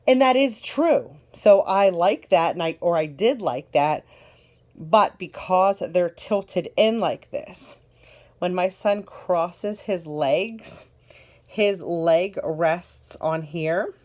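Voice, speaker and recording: A parent reviewing a car seat, this woman gives a casual, enthusiastic walkthrough, chatty and repeating words for emphasis. Her voice is lowish, a little mellow, and animated, though her pace is slow.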